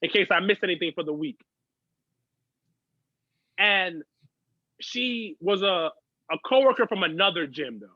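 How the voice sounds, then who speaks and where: A male podcast guest with a high, bright voice, chatty and profane as he tells his stories. The audio is dry and a little dull. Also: lively intonation, unhurried, long pauses, dry recording. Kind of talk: casual chat.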